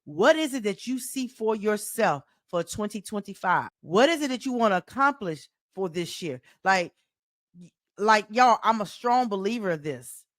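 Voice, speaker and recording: A woman with a Southern US accent hosting her own coaching podcast, talking in an animated, folksy way and repeating phrases like a preacher. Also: mid-range voice, normal speed, dry recording, studio quality. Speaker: life coach and podcast host. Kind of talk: solo motivational podcast talk.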